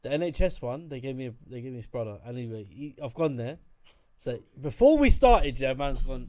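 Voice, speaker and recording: A man, a podcast host chatting casually and telling stories with lively acted-out quotes. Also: mid-range voice, brisk. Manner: animated storytelling, acts out what others said. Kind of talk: casual chat.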